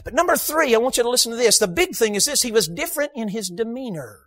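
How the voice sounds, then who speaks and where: A man preaching a sermon in a church, emphatic, bursting into shouts for emphasis and slipping in humorous asides. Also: very high voice, lively intonation, quick pace. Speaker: guest preacher. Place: church sanctuary.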